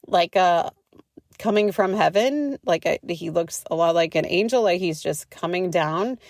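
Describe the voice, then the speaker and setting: A woman's voice: on the low side, expressive, slow, darkish tone, no echo, studio quality. A young adult woman hosting a casual spiritual podcast, chatty and swearing freely, with lots of filler words. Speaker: podcast host.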